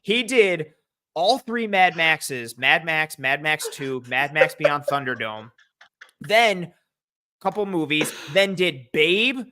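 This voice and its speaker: A young man guesting on a podcast, telling stories and rattling off trivia in an animated, joking way. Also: on the high side, slow. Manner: animated storyteller, rattles off facts, jokey. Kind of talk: casual chat.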